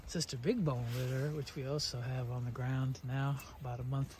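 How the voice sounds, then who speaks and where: A man breeding dogs, chatting casually as he films himself, loudly calling his dogs in an outdoor kennel yard. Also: mid-range voice, fairly even intonation, moderate pace. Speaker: dog breeder. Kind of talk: casual vlog narration. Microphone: handheld camera filming alone. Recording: noisy outdoor camera audio.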